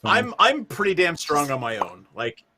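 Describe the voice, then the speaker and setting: A man in a tabletop game session talks candidly about his fighter character. His voice moves lively up and down. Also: fairly high pitch, normal speed, crowd noise. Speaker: player. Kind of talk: casual tabletop game talk.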